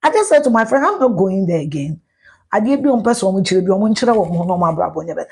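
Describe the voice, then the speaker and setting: A middle-aged Ghanaian woman rants on a live stream, blunt and profane, sliding between Twi and English mid-sentence. Her voice has a husky edge, and her pitch sits in an ordinary middle range for a woman. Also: big pitch swings, fast talker. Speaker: social media commentator.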